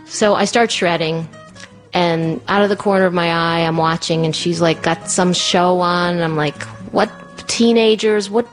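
Animated woman storyteller, lowish voice. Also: moderate pace, faint music behind. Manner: animated, acts out voices of the people in her story. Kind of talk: personal storytelling monologue.

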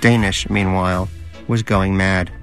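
A man's voice: low-pitched, steady tone, unhurried, faint music behind. A man narrating a storybook reading in a dry, wry storytelling manner.

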